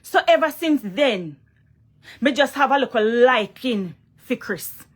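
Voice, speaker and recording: A young Jamaican woman vlogging in a loose, emphatic way, circling back to her points and pressing the listener with questions. Her voice sits somewhat high for a woman. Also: animated, unhurried. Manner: emphatic, repeats herself, asks "you understand?". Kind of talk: casual direct-to-camera vlog rant.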